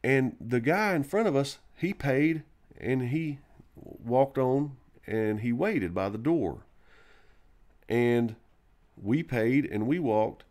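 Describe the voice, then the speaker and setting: A man's voice: mid-range voice, lively intonation, slow, a little mellow. A man hosting a live stream, telling a long personal story in a rambling, profane way, full of fillers and restarts. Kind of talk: casual storytelling.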